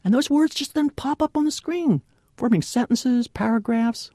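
A woman giving a devotional talk in an earnest, clearly enunciated way, laughing often. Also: fairly high pitch, normal speed, warm tone, dry recording, studio quality. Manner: clear, carefully enunciated delivery. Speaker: devotional speaker.

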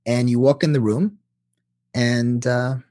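A man who works as a couples therapist, explaining in an animated way during an interview. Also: mid-range voice, slow pace.

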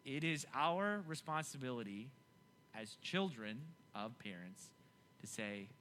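A young man preaching a youth sermon, animated and emphatic, often repeating himself to keep listeners engaged. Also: medium pitch, a little slow, slight background noise. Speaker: youth pastor.

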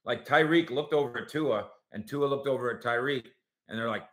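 A man's voice: mid-range voice, brisk, echoey room. A man hosting a solo sports talk show, arguing his points and talking directly to his listeners. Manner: animated, argumentative, talks to listeners directly. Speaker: sports podcast host.

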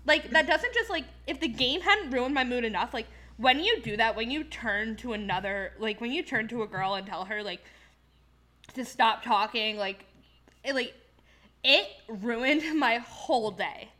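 A woman's voice: a little high, animated, measured pace, bright, forceful tone. A woman from Philadelphia hosting a casual podcast chat, ranting with heated profanity and many fillers. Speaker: podcast host.

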